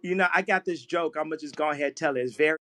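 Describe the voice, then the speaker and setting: Man, podcast guest, high voice, rambling storyteller, voices his quotes. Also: very fast, a bit bright. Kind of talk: casual podcast conversation.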